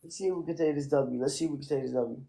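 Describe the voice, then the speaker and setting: A man with a gravelly, mellow voice talks loosely on a live stream. He thanks his viewers one by one for their gifts and eggs the chat on to keep them coming. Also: on the high side, steady tone, racing. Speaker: livestreamer. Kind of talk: casual live-stream chatter.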